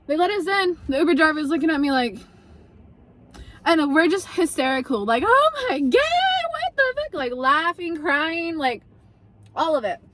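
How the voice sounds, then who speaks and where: A young adult woman casually telling a story to camera, animated, swearing freely and acting out what people said. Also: sits high, normal speed. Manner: animated, swearing, acts out quotes.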